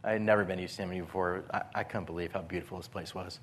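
Low-sitting and racing along, a pastor's voice carries an animated sermon of stories where he dramatizes his panic, with slight hiss or hum audible.

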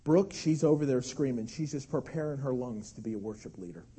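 A man in his thirties preaching a sermon, telling a family story with animated delivery and acted-out shouts. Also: mid-range voice, a little fast, a little hiss or hum. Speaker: pastor.

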